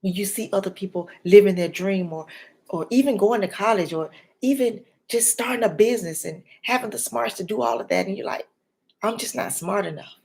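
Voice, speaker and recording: A woman's voice: medium pitch, fairly quick. Woman giving a dramatic motivational talk. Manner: preacher-like, swings between whispers and loud emphasis; addresses the viewer directly. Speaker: life and health coach.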